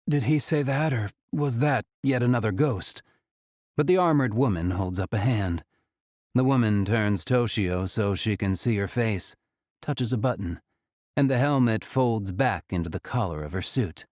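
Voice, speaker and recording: A man narrating an audiobook with a dramatic, expressive delivery. His voice sits low but moves around a lot, and the recording is dry and close with no room sound. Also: normal speed, no room sound.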